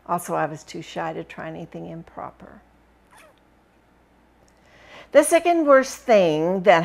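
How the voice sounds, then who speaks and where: A woman reading a first-person memoir aloud with expressive, dramatic storytelling. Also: on the low side, creaky. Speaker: book reviewer reading aloud.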